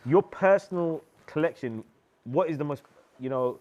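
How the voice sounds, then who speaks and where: Man, slightly high pitch, live show host, hesitant questions. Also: moderate pace, darkish tone, lo-fi sound. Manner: hesitant, filler-heavy questions. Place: live studio.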